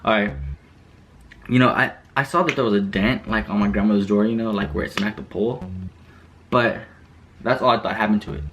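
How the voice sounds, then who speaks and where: A man's voice: on the low side, a little fast, pauses often, a little hiss or hum. Slangy young man telling a story. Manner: animated, slangy, swears freely. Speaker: vlogger. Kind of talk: casual storytime vlog.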